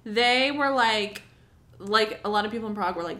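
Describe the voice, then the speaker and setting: A woman's voice: medium pitch, moderate pace, sharp tone, echoey room. A woman comedian with an American accent co-hosting a podcast, chatty and telling stories full of quoted voices. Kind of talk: casual chat.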